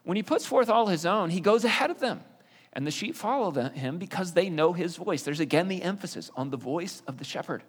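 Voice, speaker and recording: A man's voice: high voice, animated, brisk, breathy edge. A man teaching a sermon in a conversational way, explaining with fillers and restarts. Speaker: pastor. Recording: long reverb of a hall.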